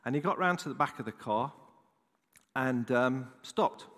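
A man's voice: mid-range voice, a little slow, fairly bright tone. A male pastor preaching a sermon, telling a story with candid, chatty asides to the audience. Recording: echoey hall reverb.

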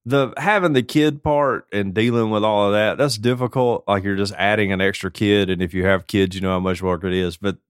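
Talking fairly quickly and hardly pausing, this man jokes his way through tales of being a foster parent while co-hosting a laid-back podcast. His voice is fairly low and clean, captured in a studio with no room sound.

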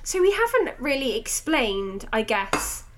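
A woman's voice: on the high side, sing-song, measured pace, fairly bright tone, slight background noise. A young woman hosting a casual podcast chat, jokey and wry. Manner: chatty, jokey, wry asides. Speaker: podcast host.

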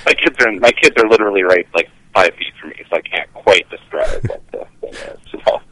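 A man co-hosting a podcast, chatting casually with dry jokes and halting restarts. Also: low-pitched, pushed and bright, no room sound, low-quality recording. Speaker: podcast co-host. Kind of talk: casual chat.

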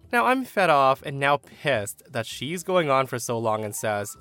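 A man narrating a story with a lively, expressive reading. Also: medium pitch, moderate pace, hardly any pauses. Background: faint music.

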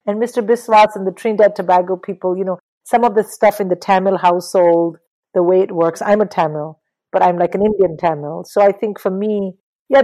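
A middle-aged woman talking casually about books in an interview, animated and swearing freely. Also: mid-range voice, rough recording. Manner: animated, swears, mimics people in quotes. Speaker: guest.

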